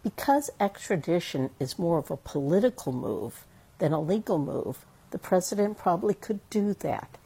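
A woman legal analyst explains a case with confidence. Her voice is low, warm and a little husky, and it moves expressively up and down. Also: lively intonation, moderate pace. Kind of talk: interview soundbite.

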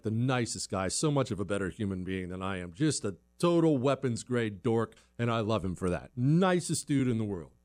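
A man's voice: medium pitch, a little mellow, no room sound, studio quality. A man giving an opinionated monologue as a commentary host, emphatic, repeating phrases and stumbling on words.

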